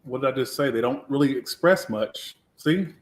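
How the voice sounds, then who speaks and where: A man's voice: mid-range voice, moderate pace, a little hiss or hum. A man giving a casual live tarot reading, talking in a blunt, sassy way with a lot of swearing. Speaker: tarot reader. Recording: echoey room.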